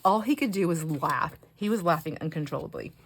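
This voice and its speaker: A middle-aged woman and grandmother chatting casually while she crafts at home. She rambles and often drops into soft, near-whispered asides. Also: low-pitched, lively intonation, brisk, a little hiss or hum.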